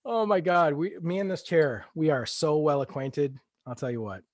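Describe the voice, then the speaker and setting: A man's voice: fairly high pitch, normal speed, a little mellow, no room sound. A man, a guest author, reading his own fiction aloud and then chatting in a casual, self-deprecating way from his home studio.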